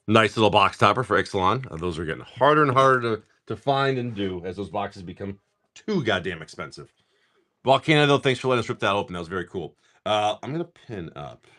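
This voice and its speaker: Male live-stream host, casual and profane, bright and animated delivery. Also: fairly low pitch. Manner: upbeat, swears casually, greets viewers by name. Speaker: live-stream host opening card packs.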